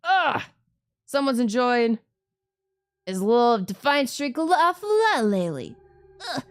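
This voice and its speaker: A woman's voice: a little high, big pitch swings, a little slow, pitched above the performer's own voice. A woman voicing a harsh female guard captain in a game, barking and gleefully cruel.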